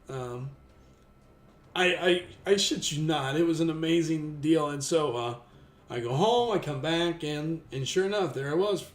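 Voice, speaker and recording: A man in his thirties telling a long, rambling story in casual chat, restarting often and getting lively when he quotes people. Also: a little high, a little slow. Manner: rambling with many restarts, animated when quoting others. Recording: echoey room with faint music.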